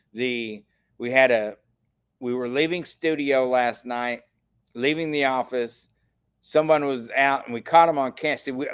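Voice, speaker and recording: A man's voice: medium pitch, clear, resonant tone. An older man from Texas hosting a casual livestream, talking in a rambling, indignant way with frequent restarts. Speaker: show host.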